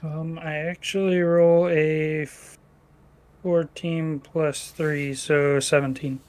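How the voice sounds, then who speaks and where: A man playing his character in a tabletop game, talking hesitantly with many pauses and fillers. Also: fairly high pitch, flat delivery, a little mellow, clean tone. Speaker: player.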